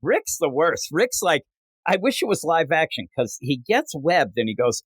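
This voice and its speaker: An animated man chatting about comics in casual podcast talk, his pitch swinging up and down as he slips into silly character voices. He sounds a little higher than most men, and his close mic is dry, with no room in it. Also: normal speed, slightly rough, dry recording. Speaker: comic book podcast host. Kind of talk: casual chat.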